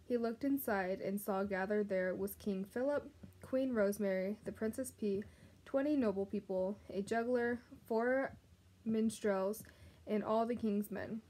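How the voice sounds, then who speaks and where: Woman reading a kids book out loud, gentle, mellow warm voice. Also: mid-range voice, unhurried. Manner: gentle, addresses the reader directly. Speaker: reader. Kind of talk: storybook read-aloud narration.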